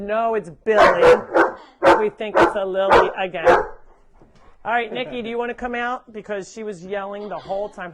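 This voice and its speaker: A woman's voice: medium pitch, very noisy. A woman hosting a live sanctuary tour, chatting and laughing as she walks among the animals, coaxing and scolding them. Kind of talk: casual live tour narration. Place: walking around a farm sanctuary, indoors and outdoors. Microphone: wearing a microphone.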